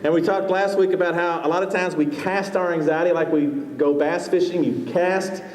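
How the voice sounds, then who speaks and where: A man's voice: high voice, steady tone, moderate pace, darkish tone. A man pastor preaching a conversational sermon in a church hall, full of fillers and asking the congregation questions. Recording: echoey hall, distant mic.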